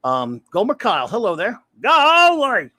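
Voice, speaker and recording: His voice is on the high side and fairly bright, and he speaks briskly with no room sound. This man hosts a casual livestream, rambling, reading the chat aloud, and greeting viewers by name.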